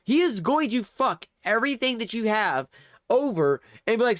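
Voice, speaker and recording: A man's voice: high-pitched, big pitch swings, moderate pace, a bit bright, no echo. Male streamer, profane sarcastic ranter, dry close sound. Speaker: livestreamer. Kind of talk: angry livestream commentary. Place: home streaming setup.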